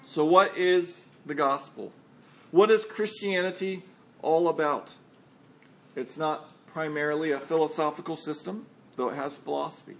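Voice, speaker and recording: A man with a high-pitched voice preaches to his congregation. He is earnest and asks pointed rhetorical questions. He acts out the voices of the people he quotes. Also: vocal fry, a bit bright, low-quality recording. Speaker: pastor. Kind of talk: sermon. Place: church.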